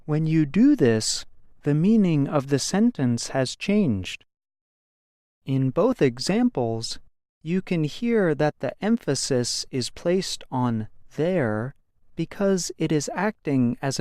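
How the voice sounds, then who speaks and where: Slow, smooth-voiced male grammar narrator. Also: mid-range voice, darkish tone, no room sound, studio quality. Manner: slow, careful, explanatory. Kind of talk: scripted educational narration.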